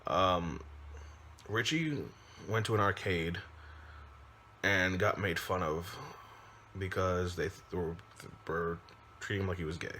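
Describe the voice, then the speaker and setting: A man, a father, casually recapping a film, loose and rambling, with frequent pauses and restarts. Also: low-pitched, bright, forceful tone, slight background noise. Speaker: movie reviewer. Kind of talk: casual spoken movie recap.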